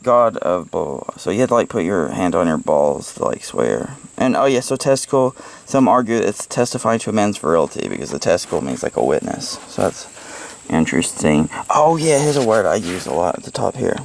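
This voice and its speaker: Rambling, gravelly man chatting about a book. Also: low-pitched, sing-song, a little fast, a little hiss or hum. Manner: rambling, profane, laughs at own jokes. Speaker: book reviewer. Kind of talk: casual rambling book report. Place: at home, with pets around.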